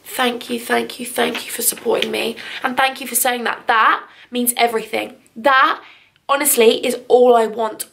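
A young woman from England, chatting to her handheld vlog camera at home, gushing and emotional, a little teary. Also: on the high side. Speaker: vlogger. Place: home living room.

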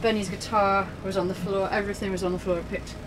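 A woman's voice: medium pitch, flat delivery, fast, background noise. A young woman casually narrating her narrowboat travel vlog, breezy and chatty, laughing often. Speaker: vlogger. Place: narrowboat and canal towpath.

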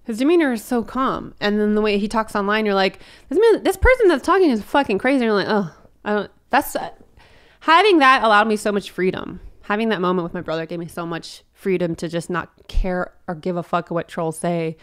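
A woman comedian in casual podcast chat, swearing freely and acting out quotes in high, animated bursts. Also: a little fast, smooth. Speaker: comedian guest.

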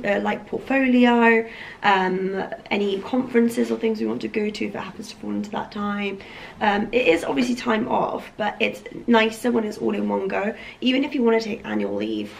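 Croaky young woman vlogging. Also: mid-range voice, slight background noise, rough recording. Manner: chatty, rambling with many ums and likes. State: croaky morning voice. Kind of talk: casual vlog chat to camera.

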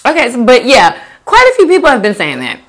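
A woman's voice: a little high, huge pitch swings, normal speed, a bit bright. A young woman hosting a food video, casually chatting as she reads out viewer comments, laughing often and talking in easygoing slang. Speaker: mukbang host reading viewer comments. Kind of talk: casual chat reading out comments.

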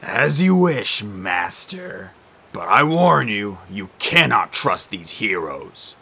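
Sneering ghost of an ancient king, low and unhurried, menacing, read by a male narrator. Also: big pitch swings, creaky, pushed and bright, husky, exaggerated voice. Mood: sneering menace. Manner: slow, mocking, menacing.

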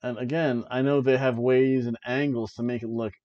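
A man talking casually at a middle pitch while recapping the night's matches. He rambles, chuckles at himself and keeps the chat loose. The recording is a little dull and lo-fi, like a home setup. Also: fairly even intonation, normal speed. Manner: chatty, rambling, laughs at his own jokes. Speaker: podcast host reviewing wrestling. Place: home, seated in an old chair.

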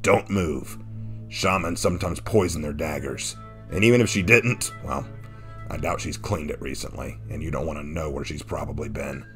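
A man voicing a grim, weary male knight who growls his lines low and dry. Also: moderate pace, fairly bright tone, faint music behind. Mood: growling.

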